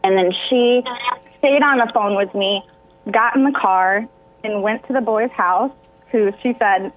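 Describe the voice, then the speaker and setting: A woman's voice: mid-range voice, a little slow. A woman guest on a radio interview, telling a personal story with emotion that sometimes breaks into tears. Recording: tinny phone line.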